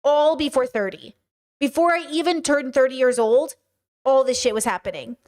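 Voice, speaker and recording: A woman's voice: high voice, normal speed. A woman in her thirties hosting a podcast, telling a personal story in a casual monologue, acting out the dialogue and swearing freely. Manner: animated, acts out quoted dialogue, swears freely. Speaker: podcast host.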